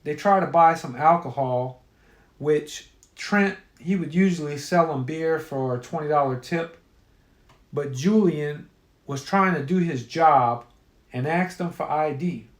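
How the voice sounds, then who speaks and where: A man telling a crude story with a profane, offhand delivery and a somewhat high voice. The sound rings with the echo of a hard room. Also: measured pace.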